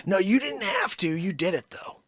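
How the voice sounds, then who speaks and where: A man hosting a daily live comedy stream, rambling and joking, swinging from loud bursts to muttered asides. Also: sits high, sing-song, moderate pace, loud music behind the voice. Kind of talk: unscripted live comedy chat. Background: his own intro song playing.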